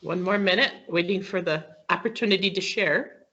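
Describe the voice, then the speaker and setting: Her fairly low voice, pushed and bright, moves at a moderate pace as she teaches word stress in an online English pronunciation lesson. A guest on the video call, she stays patient, works step by step and keeps asking her students "okay?" The sound is dull, low-fidelity call audio.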